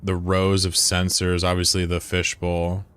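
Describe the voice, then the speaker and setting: A man with a low voice streams a game and chats casually with his viewers. He is laid-back and profane, and he drags his words out slowly when he admires something. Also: completely flat delivery, a bit bright, clear, resonant tone. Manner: laid-back, profane, answers chat aloud. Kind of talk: casual livestream chat.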